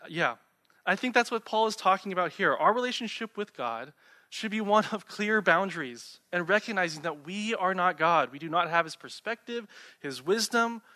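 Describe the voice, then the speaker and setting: Man, young adult, pastor, conversational sermon, bright tone, slightly high voice. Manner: conversational preaching with rhetorical questions.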